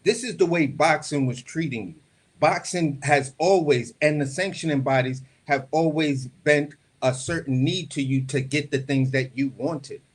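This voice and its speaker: A man's voice: on the high side, normal speed. Heated, profane man on a panel. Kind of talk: casual panel chat.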